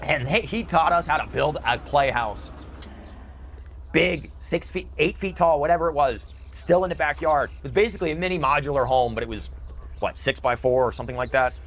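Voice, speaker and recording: A man's voice: a little high, brisk, fairly bright tone. A middle-aged man delivering an emotional, bitter ranting monologue in a video. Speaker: video commentator.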